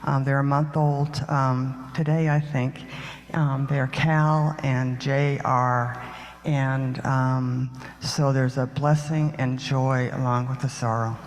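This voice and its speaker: Slow, hesitant older congregant in echoey church. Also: medium pitch, little pitch movement. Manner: hesitant, with many pauses. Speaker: congregant lighting candles. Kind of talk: spontaneous personal remarks. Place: church sanctuary. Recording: long reverb of a church hall.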